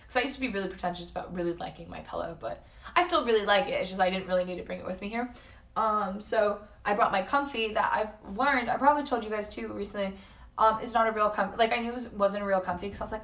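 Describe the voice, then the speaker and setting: A young woman streamer talks loosely from a hotel room, swearing freely and hopping from one tangent to the next. Her voice sits at an ordinary middle pitch. It carries an echo off the room's walls and sounds set back from the microphone. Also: quick pace, fairly bright tone, far from the mic. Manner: rambling, swears freely, jumps between tangents. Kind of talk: casual live-stream chat. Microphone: facecam at a distance. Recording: echoey room, voice off-mic.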